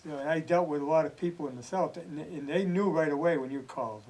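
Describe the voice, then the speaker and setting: A man's voice: fairly high pitch, fast, darkish tone, poor audio. A man hosting a casual TV interview in an easygoing, chatty way. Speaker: TV host.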